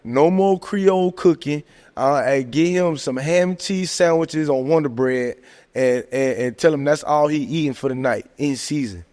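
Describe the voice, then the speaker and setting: A man talking sports casually on a podcast, animated and joking, tossing in "man" and "hey, look" constantly. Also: a little high, normal speed. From American South. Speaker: podcast host. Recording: long hall reverb.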